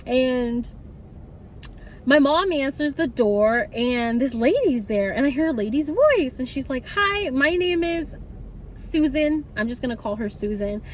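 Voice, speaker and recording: A young woman telling a story casually, chatty and animated, laughing often. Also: a little high, a little slow, a little hiss or hum. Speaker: vlogger.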